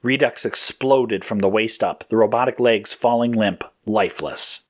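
A man reading a scripted action story aloud in a steady, descriptive manner. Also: on the low side, moderate pace. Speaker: narrator.

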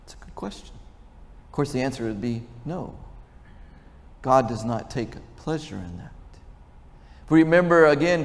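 An older man preaching a sermon as pastor, conversational and often asking the congregation questions. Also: fairly high pitch. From Texas. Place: large church sanctuary. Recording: long church reverb.

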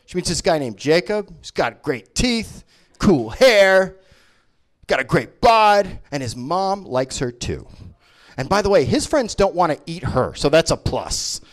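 A man doing a stand-up comedy set, profane and mocking, with quick voices for the people he makes fun of. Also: a little high. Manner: profane, animated, mocking impressions.

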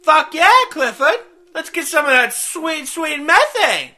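A foul-mouthed cartoon alien captain, voiced by a woman, who bosses the crew around and teases everyone. The voice sits high and bright and leaps up and down in pitch. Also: lively intonation, a little slow, exaggerated voice. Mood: brash. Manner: foul-mouthed, teasing, bossy. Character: crude, cheerful alien spaceship captain. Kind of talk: cartoon voice acting.

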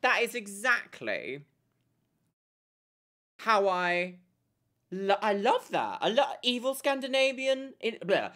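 A woman's voice: mid-range voice, big pitch swings, slow, pauses often, fairly bright tone. A young woman chatting casually on a live stream, giggling and thanking her viewers as she plays.

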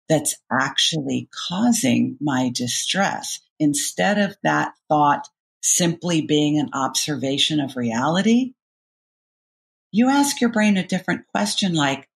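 A middle-aged woman coach with a gravelly, creaky edge to her voice explains ideas in a podcast interview. She talks with animated energy and acts out little inner voices as she goes. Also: on the low side, a little slow. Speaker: cognitive behavioral coach, guest.

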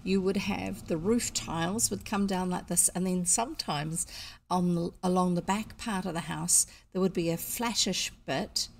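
A woman's voice: lowish voice, moderate pace, vocal fry, slight background noise. A woman with a New Zealand accent reading a storybook aloud and stopping to explain things in a chatty way. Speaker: audiobook reader.

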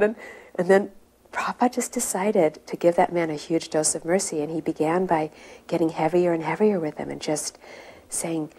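A woman's voice: low-pitched, steady tone, fairly quick, darkish tone, breathy edge. A middle-aged woman telling a personal memory of her spiritual teacher. She speaks with reverence and builds the story with rising intensity. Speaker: devotee recalling a spiritual teacher. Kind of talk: personal reminiscence.

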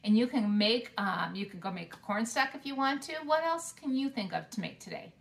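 A woman preschool teacher leading a video lesson, speaking slowly and clearly to small children. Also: fairly high pitch, expressive.

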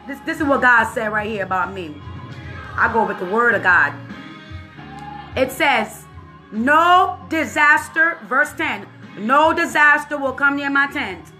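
A woman minister delivers an informal prophetic word in a high, bright voice. She preaches with lively energy, drops into casual slang and laughs often. Faint music plays behind her.

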